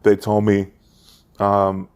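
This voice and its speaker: A man's voice: on the low side, monotone, slow, clear, resonant tone. A young man co-hosting a casual podcast, joking and rambling with many fillers. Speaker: podcast co-host. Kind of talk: casual chat.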